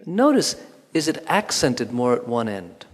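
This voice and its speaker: Male movement teacher, calm and instructive, melodic delivery, long hall reverb. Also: mid-range voice. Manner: calm, instructive, with pauses and spoken counting. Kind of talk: guided movement lesson.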